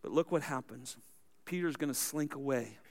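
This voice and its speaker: A man's voice: mid-range voice, moderate pace, darkish tone. A man preaching a verse-by-verse sermon, explaining the text in a teaching manner with asides.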